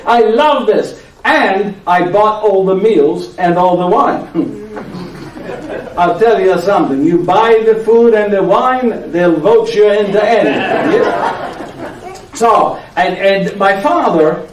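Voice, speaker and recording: Performing a one-man show before a live audience in a church hall, a male actor portrays a frail old friar, weary but joking, with a high voice and Italian accent. He teases listeners as he tells his story, repeatedly asking "yes?". The hall echoes and the microphone sits far away.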